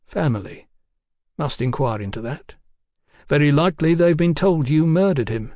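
A male narrator voicing a dry, deliberate Victorian police detective who questions politely and speaks in measured tones. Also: a little high, expressive, a little mellow, dry recording, pitched above the performer's own voice.

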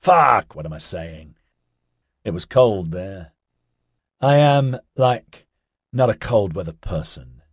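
A man voicing a laid-back, chatty young man who talks in hippie slang with an excitable drawl. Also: fairly low pitch, slow, pauses often, breathy edge, no room sound, clean studio sound, heavily acted. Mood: rambling.

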